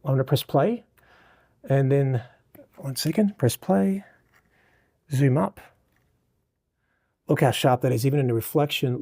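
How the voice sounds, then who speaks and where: Mellow Australian man teaching photography. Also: medium pitch, normal speed, pauses often. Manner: effusive, showering the model with praise; explains settings step by step to viewers. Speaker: photographer teaching a lighting lesson. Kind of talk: live instruction while shooting a portrait session.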